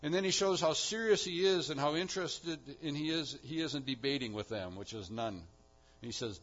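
A man preaching a sermon on a Bible passage, moving between quiet explanation and loud, emphatic peaks. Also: a little high, lively intonation, brisk. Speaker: pastor. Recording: dull lo-fi sound.

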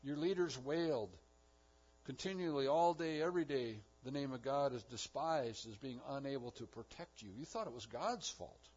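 A male pastor with a husky voice preaches at a moderate pace, with strong emphasis throughout. He moves between loud, rising declarations and quiet, low-pitched lines, and the recording comes across dull and muffled.

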